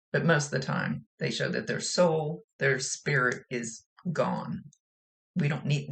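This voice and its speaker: Laughing often, a psychic medium rambles through a chatty, casual reading. She has a low-sitting, gravelly voice with a bit of brightness.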